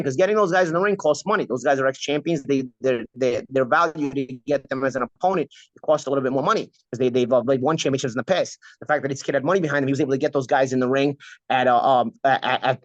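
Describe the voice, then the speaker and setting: A man's voice: fairly high pitch, dry recording, highs cut off. A man hosting a casual boxing talk show, stuffed up with a cold, talking bluntly and repeating himself. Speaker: podcast host.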